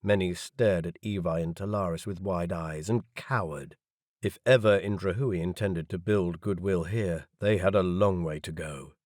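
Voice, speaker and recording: A man narrating an audiobook in the first person with an expressive reading. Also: low voice, normal speed, no room sound, clean studio sound.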